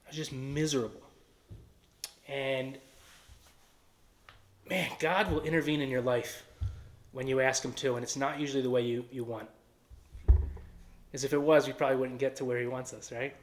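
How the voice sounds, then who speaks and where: A man's voice: medium pitch, fairly even intonation, moderate pace, pauses often. A man with a Philadelphia-area accent giving an earnest personal testimony and acting out quoted dialogue. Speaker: testimony speaker.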